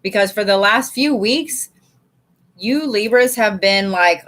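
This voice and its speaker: In a laid-back live card reading, a woman who reads tarot and oracle cards talks plainly and chattily, swears often and calls viewers y'all. She speaks at a normal speed in a mid-range, fairly bright voice.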